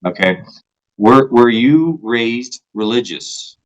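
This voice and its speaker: A man's voice: medium pitch, lively intonation, slow pace, muffled recording. A man in a loose casual chat who swears freely and keeps tagging his points with "right?". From parents from Poland.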